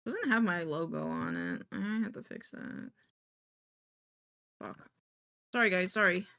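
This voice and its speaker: A woman's voice: on the low side, huge pitch swings, a little slow, a bit bright. A woman streamer chatting casually to her viewers, thinking aloud in a jittery, self-deprecating way while she works. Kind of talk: casual live-stream chat.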